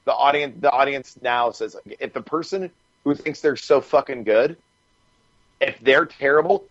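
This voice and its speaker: A man guest on a podcast, telling stories in a casual, animated way, swearing freely and laughing as he goes. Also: mid-range voice, normal speed, dry recording, muffled recording. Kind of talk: casual storytelling.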